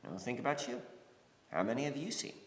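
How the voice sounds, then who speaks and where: A man's voice: medium pitch, animated, fast talker. Rambling man in a roomy echo. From United States. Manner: rambling, many fillers and restarts. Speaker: spiritual podcast host. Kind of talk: casual spiritual talk. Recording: roomy reverberant space.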